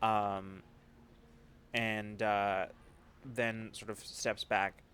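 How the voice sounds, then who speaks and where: A man's voice: fairly low pitch, flat delivery, extremely slow, a bit bright, clean tone. A man running a tabletop game as game master, narrating scenes casually with plenty of fillers.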